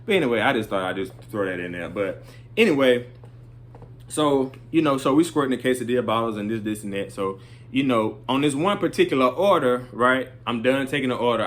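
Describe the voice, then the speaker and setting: A middle-aged man spins a casual story in a loose, rambling way. He keeps tossing in little check-ins, and his voice sits at an ordinary, middle pitch for a man. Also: a bit bright.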